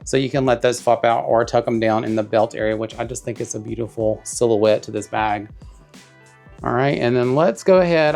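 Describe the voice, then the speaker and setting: A man talks through an unboxing in a chatty, gushing way, calling his viewers y'all. His mid-pitched voice has a gravelly fry to it. Soft music plays faintly underneath. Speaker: bag reviewer. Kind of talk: casual unboxing vlog.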